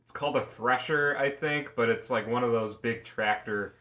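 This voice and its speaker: A man's voice: mid-range voice, normal speed, sharp tone. A man co-hosting a podcast, recapping a plot in rambling casual chat with restarts and frequent swearing. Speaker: podcast co-host.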